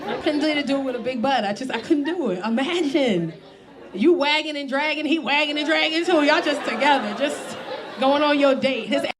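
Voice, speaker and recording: A woman's voice: high voice, expressive, a little fast. A woman performing a bold, brash stand-up comedy set on a club stage, often laughing at her own jokes. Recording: faint crowd laughter and noise.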